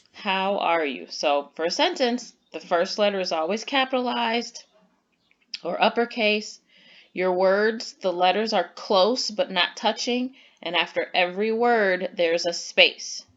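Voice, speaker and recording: A woman's voice: mid-range voice, dull audio. A woman teacher giving an online lesson to young children, patient and encouraging, who reads example sentences aloud with exaggerated emphasis.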